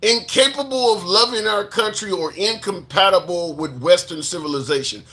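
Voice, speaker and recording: A man's voice: high voice, moderate pace, bright, forceful tone. A man hosting a live political commentary stream, reading viewer comments and speaking indignantly, repeating phrases for emphasis.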